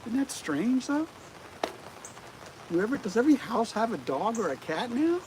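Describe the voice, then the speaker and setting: Lively man streaming in rain. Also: very high voice, moderate pace. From United States. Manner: animated, keeps asking the viewers rhetorical questions. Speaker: livestream host. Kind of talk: casual livestream chat. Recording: rain noise clearly audible outdoors.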